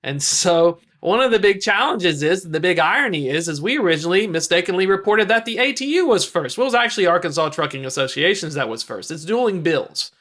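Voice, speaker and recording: A man's voice: high voice, big pitch swings, a little fast, hardly any pauses, fairly bright tone. A man working as a trucking analyst, explaining industry news on a podcast in a casual, slangy storytelling way.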